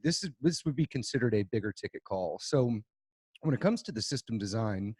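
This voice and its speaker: A man in his thirties co-hosting a business podcast, chatting casually and telling stories in an animated way. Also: mid-range voice, brisk, husky, no room sound, studio quality. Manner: storytelling, animated. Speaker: podcast co-host. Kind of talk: casual chat.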